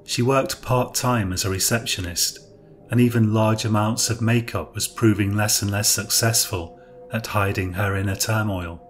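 A man narrating a dark thriller story in a measured, even reading voice. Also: fairly low pitch, faint music behind.

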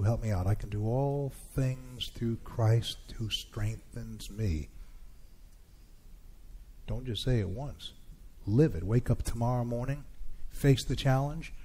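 Man pastor, middle-aged, warm dark voice, sermon to the congregation. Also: fairly low pitch, slight background noise. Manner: preaching with rising calls to the congregation.

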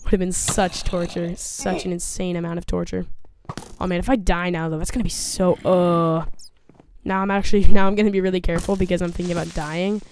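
A woman's voice: on the low side, little pitch movement, fairly quick, a little mellow, a little hiss or hum. A woman commentating her own gameplay, talking nervously to herself and to the monsters on screen. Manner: jumpy, nervous, chattering to herself and the game. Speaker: gaming video host. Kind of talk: let's play commentary.

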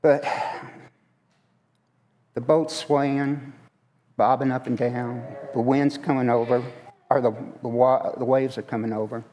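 A man's voice: medium pitch, steady tone, measured pace, pauses often, mellow. A man preaching a conversational sermon in a church, asking the congregation questions as he goes. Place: church sanctuary. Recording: long hall reverb.

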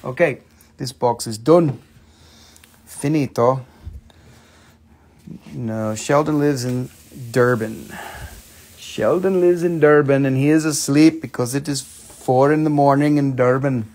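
A man's voice: mid-range voice, fairly even intonation, takes it slowly, pauses often, a little mellow. A man hosting a casual live stream that sells stones, joking and chatting back to viewers in a loose way and swearing now and then. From United States, Appalachian region. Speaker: host of a live shop stream selling minerals. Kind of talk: casual live-stream sales chat, reading chat comments.

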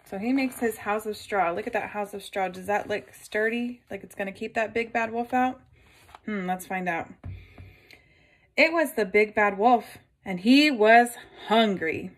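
A woman reading a picture book aloud to children, gently stopping to ask her listeners questions. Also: medium pitch, unhurried.

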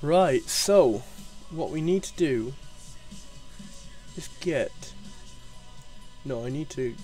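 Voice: mid-range voice, animated, extremely slow, pauses often, mellow, soft background music. A game streamer giving live, sweary gameplay commentary and talking to themself. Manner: sweary, talks to self.

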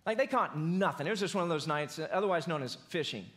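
A pastor preaching a sermon in a church, talking casually and then building to emphatic peaks. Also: male voice, on the high side, expressive, quick pace, a bit bright. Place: church auditorium.

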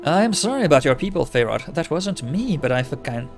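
A man's voice: on the high side, big pitch swings, a little fast, soft background music. A man voicing a scarred, amnesiac undead male wanderer who speaks bluntly and questions hard. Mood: apologetic.

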